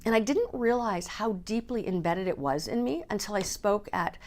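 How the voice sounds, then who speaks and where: A woman from Canada speaks to camera in a personal vlog. She talks candidly and with feeling, swearing casually now and then. Her voice sits at an ordinary middle pitch. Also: expressive, normal speed, darkish tone. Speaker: speaker and coach.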